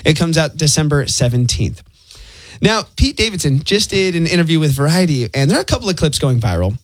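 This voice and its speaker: Man, radio entertainment presenter, quick casual banter, brisk pace, slightly high voice, dry studio sound. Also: no echo, poor audio. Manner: quick, laughing, self-mocking.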